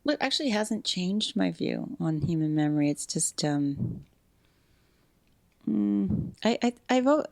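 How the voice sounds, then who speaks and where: Woman guest, candid interview, lively and expressive, mid-range voice, quick restarts, acts out quotes. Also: medium pitch, gravelly. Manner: animated, fast restarts, acts out quoted speech. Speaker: podcast guest.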